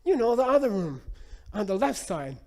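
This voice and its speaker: A cheerful, wide-eyed old lama who asks eager questions in a voice lifted high above the teller's own, as a man puts him on while telling a story. The tone stays soft and mellow, never sharp. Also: very animated, normal speed. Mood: excited. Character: delighted, curious old Tibetan lama man.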